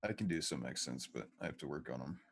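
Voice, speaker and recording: A man's voice: rumbling low, animated, fast talker, vocal fry, breathy edge. A man player at a tabletop game, joking and chiming in.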